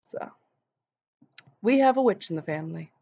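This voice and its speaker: A young woman vlogger telling an animated story and acting out the quotes in voices. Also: lowish voice, a little slow. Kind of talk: casual storytelling vlog. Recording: dull lo-fi sound.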